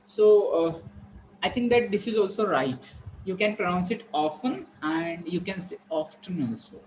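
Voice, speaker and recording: A man runs a pronunciation lesson for his students online. His voice sits a little high, and he keeps repeating words and questions as he drills them. A faint hum stays behind him throughout. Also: moderate pace, poor audio. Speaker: English teacher.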